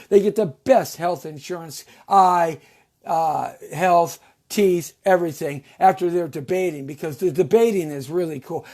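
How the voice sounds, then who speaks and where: A man's voice: on the high side, dark tone. A man hosting a live radio and TV talk show, talking in a brash, folksy, rambling way full of catchphrases. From United States. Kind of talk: live call-in style talk show monologue.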